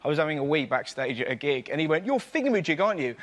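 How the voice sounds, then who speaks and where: A man performing a stand-up comedy routine, telling stories and doing quick voices for the people in them. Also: a little high, a bit bright. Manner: bouncy storytelling with put-on voices for quoted people. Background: studio audience laughter.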